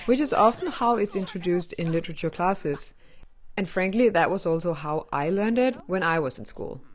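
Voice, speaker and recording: A woman's voice: lowish voice, a little mellow. A woman hosting a gaming channel, giving casual, playful commentary with nerdy asides while she explains things.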